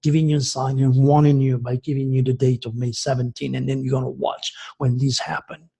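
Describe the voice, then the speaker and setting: Gravelly older man in a heated rant. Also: mid-range voice, level tone, a little fast. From France. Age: 60s. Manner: agitated, preachy, swinging from loud to hushed. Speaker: astrologer host. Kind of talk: impassioned monologue.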